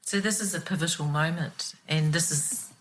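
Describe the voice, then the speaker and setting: A woman, guest presenting with calm, affirming questions. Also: low-pitched, moderate pace, poor audio. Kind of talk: supportive conversational interview.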